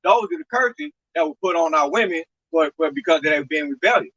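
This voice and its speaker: A man's voice: fairly high pitch, expressive, brisk, a bit bright, a little hiss or hum. A man in a casual religious discussion, speaking emphatically and citing scripture. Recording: dull lo-fi sound.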